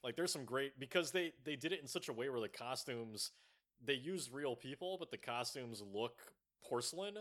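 A male podcast co-host chatting about a film in a loose, casual way. He gets animated, laughs easily and drops swear words without a second thought. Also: mid-range voice, moderate pace. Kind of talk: casual movie-review chat.

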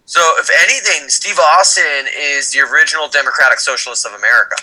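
Sarcastic guy teasing his buddies on a podcast, bright sharp voice. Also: on the high side, fast, a little hiss or hum, low-quality recording. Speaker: podcast co-host. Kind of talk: casual chat.

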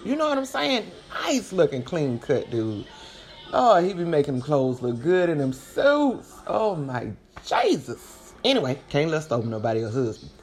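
A woman hosting a podcast, giving casual commentary in an animated, slangy, chatty way, her voice swinging between loud and soft. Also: lowish voice. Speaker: podcast host.

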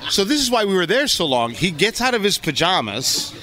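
A man telling stories over a meal in a restaurant, lively and mimicking people in quotes. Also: high voice, brisk. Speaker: podcast co-host. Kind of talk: animated storytelling with impressions.

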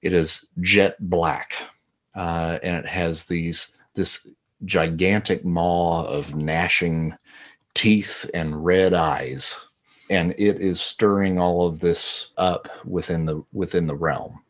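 A man narrating as game master of a tabletop horror game, deliberate and often pausing on fillers. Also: sits low, fairly even intonation, fairly bright tone.

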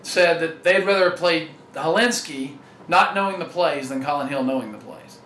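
Ex football player guest, high bright voice, earnest, stumbles on first words. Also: male voice, moderate pace. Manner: earnest, repeats his opening words. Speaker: former college football lineman, guest. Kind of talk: casual sports interview. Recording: echoey room with faint background noise.

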